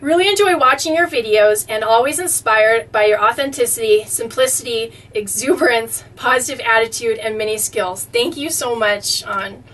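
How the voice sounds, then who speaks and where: A woman's voice: on the high side, moderate pace, hardly any pauses, a bit bright, recorded from a distance. A woman vlogger reading fan mail aloud in a casual, effusive way, easily touched and often exclaiming. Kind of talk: casual chat.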